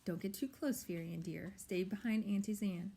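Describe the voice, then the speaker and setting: A woman voicing a kindly, doting old witch who talks soothingly and teases gently. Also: mid-range voice, normal speed, slightly rough.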